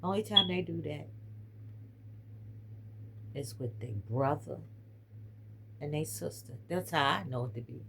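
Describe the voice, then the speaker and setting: A woman's voice: sits low, expressive, a little slow, creaky, long pauses, heavy background noise. A woman with a strained voice, chatting casually to viewers, recorded on a phone. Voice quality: voice strained by weather and heated talks. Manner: chatty, talks straight to viewers, says y'all. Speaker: host. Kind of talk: casual live-stream talk.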